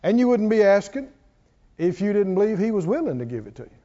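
Lively high-voiced man preaching a sermon. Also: quick pace, highs cut off. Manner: call-and-response preaching, asks the congregation questions.

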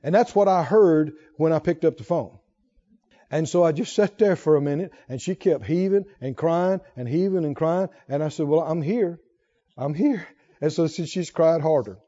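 A man preaching a sermon, telling a personal story that swings between hushed asides and emphatic points. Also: on the high side, moderate pace. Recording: dull lo-fi sound.

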